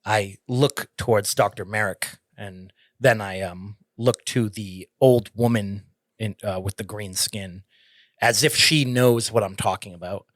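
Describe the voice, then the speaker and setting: A man in a tabletop game, speaking in character in a formal, hushed manner on a close mic. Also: fairly low pitch, steady tone, unhurried, no echo. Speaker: player. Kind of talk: in-character tabletop role-play.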